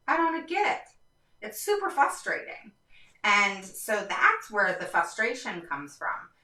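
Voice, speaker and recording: Woman, live stream host, passionate and repetitive, somewhat low voice, bright edge, echoey room. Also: far from the mic. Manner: passionate, voice rising and falling with frustration; repetitive, emphatic, many fillers. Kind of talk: livestream talk to viewers.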